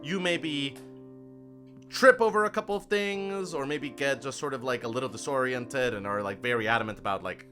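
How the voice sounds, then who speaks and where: A man narrates a tabletop game as game master. He hedges and fills his sentences loosely, with a bright, forceful tone. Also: mid-range voice, moderate pace, faint music behind. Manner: loose, hedging with many fillers.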